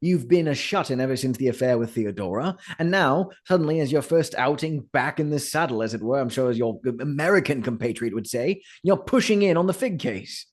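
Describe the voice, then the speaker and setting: A man running a tabletop game, narrating scenes casually with fillers and laughs. His voice sits at a middle pitch. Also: expressive, a little fast, few pauses. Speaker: game master.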